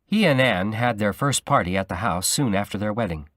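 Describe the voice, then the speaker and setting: A man narrates a novel in measured storytelling fashion. His voice sits low but rises and falls freely. The sound is close and dry, with no room around it. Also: lively intonation, fairly bright tone, no room sound. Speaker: audiobook reader. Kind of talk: scripted narration of a graded reader.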